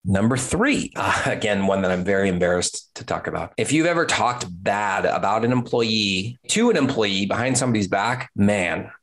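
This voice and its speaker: A man's voice: lowish voice, expressive, normal speed, hardly any pauses, fairly bright tone. A man in his thirties, an agency owner, giving blunt business advice straight to camera, swearing casually and repeating words for emphasis. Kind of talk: direct-to-camera business talk.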